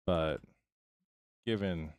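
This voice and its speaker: Deep, mellow American man chatting on stream. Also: very slow, clear, resonant tone, no echo. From United States. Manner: rambling and chatty, answers chat by name. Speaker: live streamer. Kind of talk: casual live-stream chat while building in a game.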